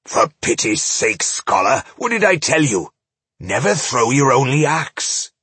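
Man playing a cranky old dwarf soldier, raspy half whisper, scolding. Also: mid-range voice, very animated, a little slow, sharp tone, no echo, pitched above the performer's own voice, full character voice. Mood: exasperated. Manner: exasperated, scolding. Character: gruff old male dwarf warrior, scolding. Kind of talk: audiobook character voice.

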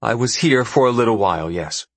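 Brief: man playing a calm, knowing woman, low-key delivery, husky tone, storybook reading. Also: a little fast, dry recording. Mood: understated.

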